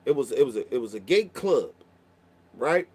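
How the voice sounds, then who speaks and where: A man's voice: medium pitch, very animated, normal speed, darkish tone, slightly rough. A man telling a long story in casual chat, profane and rambling, often restarting his sentences. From Baltimore.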